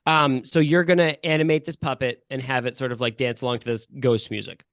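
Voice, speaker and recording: A man narrating as game master of a tabletop game, in a relaxed way with many fillers. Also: mid-range voice, brisk, no room sound, clean studio sound.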